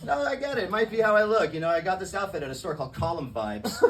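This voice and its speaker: A man's voice: high voice, distant mic, very noisy. A young man performing a stand-up comedy set, casual and stammering, often laughing at his own jokes. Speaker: opening stand-up comic. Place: comedy club stage.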